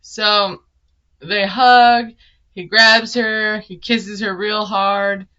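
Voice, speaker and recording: A woman's voice: medium pitch, little pitch movement, extremely slow, bright, forceful tone, lo-fi sound. A woman, recapping a reality show in casual, sarcastic commentary. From Minnesota. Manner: chatty, sarcastic, laughs often. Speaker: TV recap vlogger.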